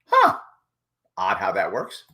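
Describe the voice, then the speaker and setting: Brief: male host, sarcastic live commentary, lively and expressive intonation. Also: fairly high pitch, normal speed. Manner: sarcastic, mocking. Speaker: show host. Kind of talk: live commentary on a news clip.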